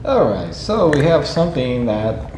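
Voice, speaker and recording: Slow, jokey man with a bouncy voice. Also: a little high, very animated. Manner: teasing, jokey, laughs often. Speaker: co-host unboxing snacks. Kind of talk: casual chat while unboxing. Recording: roomy echo with background noise.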